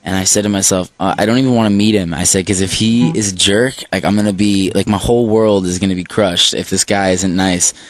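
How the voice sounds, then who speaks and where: A man's voice: sits low, fairly even intonation, brisk, hardly any pauses, no echo. A man in his twenties, a singer guest telling a rambling story in a radio studio, full of likes and restarts. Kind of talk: casual radio interview chat.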